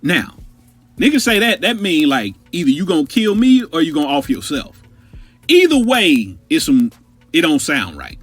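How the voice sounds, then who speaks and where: A man's voice: a little high, huge pitch swings, moderate pace, no room sound, faint music behind. A man hosting a storytelling podcast, telling an anecdote in a profane, conversational way. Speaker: podcast host.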